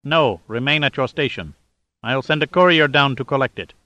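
A man reading a brisk male robot monitor, curt and businesslike. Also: mid-range voice, sharp tone, dry recording, natural voice.

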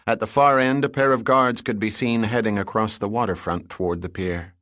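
A man reading an audiobook chapter in a steady, measured narration. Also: lowish voice, no echo, clean studio sound. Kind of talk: scripted narration.

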